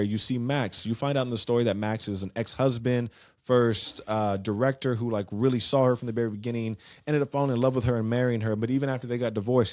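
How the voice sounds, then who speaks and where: A man with a mid-range voice retells a plot in loose, slangy podcast chat. He keeps the telling lively and animated. The sound is dry and close. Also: mid-range voice, no room sound. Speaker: podcast co-host. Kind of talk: casual chat recapping a musical.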